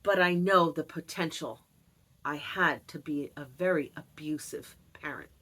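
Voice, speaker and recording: A woman's voice: low voice, unhurried, sharp tone, low-quality recording. A woman in her fifties talking candidly on her vlog, earnest with wry asides. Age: 50s. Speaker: vlogger. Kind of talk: personal confessional vlog.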